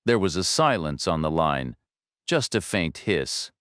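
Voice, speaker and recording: A man narrating a thriller audiobook in a steady, measured way, close to the mic. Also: low-pitched, dry recording.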